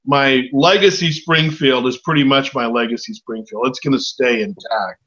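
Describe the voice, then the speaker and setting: A man's voice: mid-range voice, moderate pace, a bit bright. A man in his sixties chatting casually as a podcast host, rambling and self-mocking. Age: 60s. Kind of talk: casual chat. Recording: dull lo-fi sound.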